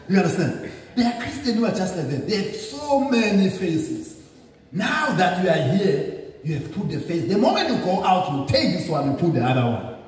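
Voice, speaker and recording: A man's voice: sits high, sing-song, moderate pace. A man preaching as a bishop, delivering an emphatic sermon that keeps checking in with the congregation. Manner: emphatic, repetitive call-and-response preaching. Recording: echoey hall, distant mic.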